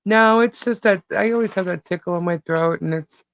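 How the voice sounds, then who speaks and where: Woman podcast host, hoarse, gravelly, slow, chatty, dull lo-fi audio. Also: fairly low pitch, dry recording. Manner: chatty, laughs often, reads out viewer names. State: voice a little hoarse. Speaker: podcast host greeting live chat. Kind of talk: casual live-stream chat.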